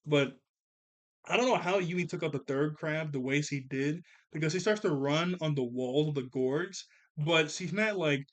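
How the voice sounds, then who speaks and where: Fast-talking, excitable man reviewing a cartoon. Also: fairly high pitch. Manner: excitable, rambling recap with self-corrections; talks fast. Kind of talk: casual spoken review.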